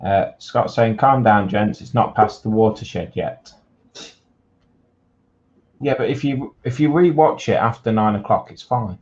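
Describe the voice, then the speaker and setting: A low-voiced man with a Yorkshire accent chats through a hobby livestream, joking with friends and reading out viewer messages. The sound is dull and lo-fi, like stream audio. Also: unhurried, darkish tone. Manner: banters and reads out viewer comments. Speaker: livestream co-host reading chat. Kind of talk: casual chat.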